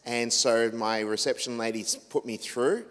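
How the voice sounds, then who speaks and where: A man's voice: mid-range voice, fairly even intonation, normal speed, a bit bright, smooth. An Australian man talks informally to a church audience in a mid-range voice. He rambles and restarts his sentences, correcting himself as he goes. His words ring out in a long church-hall reverb. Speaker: radio host and speaker.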